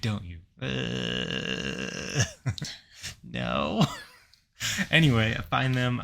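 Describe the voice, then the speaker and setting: A man's voice: deep voice, creaky, fairly bright tone. A young adult man co-hosting a podcast, telling a story in a wry, rambling way. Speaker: podcast co-host. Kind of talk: casual chat.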